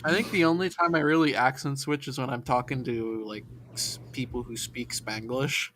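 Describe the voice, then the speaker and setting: A man's voice: medium pitch, fairly even intonation, normal speed, a bit bright. A man co-hosting a stream, chatting casually, rambling with lots of fillers and restarts. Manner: rambling, many likes and restarts. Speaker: stream co-host. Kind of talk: casual chat.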